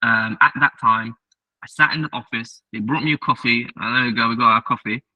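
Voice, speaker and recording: A man giving a casual tech talk as a software engineer, telling stories and acting out the dialogue in a chatty, direct way. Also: mid-range voice, fairly even intonation, brisk, no room sound. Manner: acts out dialogue in quoted voices, chatty and direct. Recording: distant mic, dull lo-fi sound.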